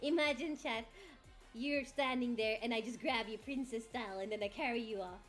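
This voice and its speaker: A woman's voice: fairly high pitch, normal speed, loud music behind the voice. A woman streaming live, teasing her chat in a theatrical, boastful way with frequent laughter. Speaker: VTuber streamer.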